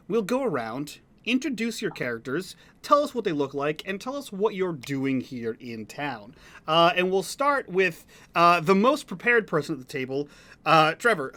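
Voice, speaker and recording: An upbeat man opens a streamed tabletop game as its game master. His voice is bright and forceful and sits a little high, and he rambles through his intro with lots of fillers.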